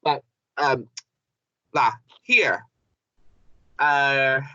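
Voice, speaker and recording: A man teaching an English grammar lesson, halting and repeating phrases with many fillers. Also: mid-range voice, pushed and bright, dry recording. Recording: dull lo-fi classroom recording.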